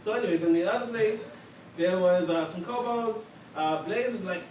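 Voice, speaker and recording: A man's voice: high voice, moderate pace, a little mellow. A young man casually recapping a tabletop game session, rambling and joking with many fillers, picked up from a distant mic. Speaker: player. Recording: distant, echoey, noisy room.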